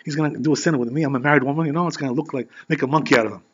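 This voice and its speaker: Scheming Roman noblewoman, man doing her, quick and conspiratorial; muffled lo-fi recording. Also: fairly high pitch, a bit bright. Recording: dull lo-fi recording.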